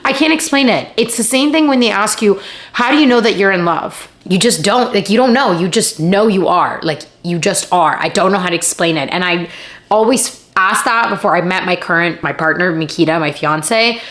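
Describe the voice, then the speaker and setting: A woman's voice: medium pitch, moderate pace, fairly bright tone. A young woman vlogging earnestly to the camera, teary and laughing through tears as she pleads and repeats herself. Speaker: vlogger and acting coach. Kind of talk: emotional confessional vlog.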